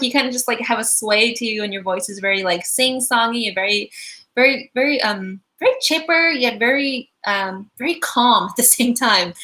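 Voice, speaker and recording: A woman's voice: on the high side, sharp tone. A woman giving a live-stream angel card reading, chatty and giggly, full of likes and ums.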